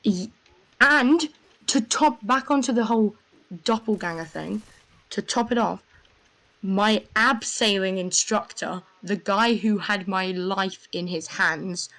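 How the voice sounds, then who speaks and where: A young woman telling a rambling, excitable story in casual voice chat, full of fillers. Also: mid-range voice, slow pace, rough recording. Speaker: gamer.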